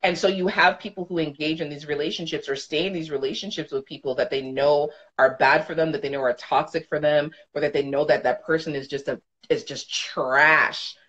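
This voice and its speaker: Low husky woman, frank podcast chat. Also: steady tone, a little fast, hardly any pauses, fairly bright tone, muffled recording. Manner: frank, emphatic, swears freely. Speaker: podcast co-host.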